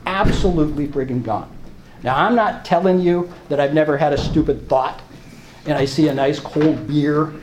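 A man telling his recovery story at a meeting, halting and repeating himself, with emotional swings. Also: a little high, noisy background. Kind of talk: personal testimony talk. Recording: echoey room, faint ambience.

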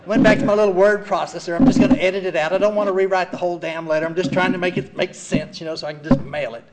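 A man's voice: high-pitched, steady tone, racing, a loud crowd. Older man giving raw recovery testimony. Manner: earnest storytelling, quiet and heavy one moment, loud and wry the next. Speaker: speaker sharing at a recovery meeting.

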